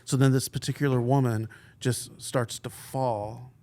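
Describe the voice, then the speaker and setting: A man co-hosting a church podcast in casual chat, supportive and quick to chime in with agreement. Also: mid-range voice, steady tone, a little mellow.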